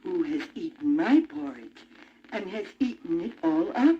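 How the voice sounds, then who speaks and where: Indignant mama bear. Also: female voice, on the low side, sing-song, measured pace, mellow, a little hiss or hum. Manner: indignant questioning. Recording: muffled old vinyl record.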